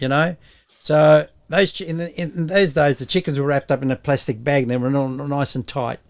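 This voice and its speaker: A man's voice: a little high, steady tone, moderate pace. An older man with an Australian accent, rambling and laughing as he tells family stories in a casual chat. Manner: rambling, laughs often while telling stories. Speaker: guest.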